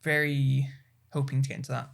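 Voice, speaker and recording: A man's voice: mid-range voice, flat delivery, fairly quick, gravelly, fairly bright tone. A man co-hosting a gaming podcast in casual chat, joking, laughing and swearing freely. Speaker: podcast co-host.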